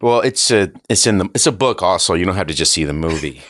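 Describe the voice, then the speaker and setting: A man's voice: low-pitched, animated, quick pace, a bit bright, no echo. A man guesting on a comedy podcast, rambling and laughing as he fumbles for words, on a studio mic. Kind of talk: casual comedic chat.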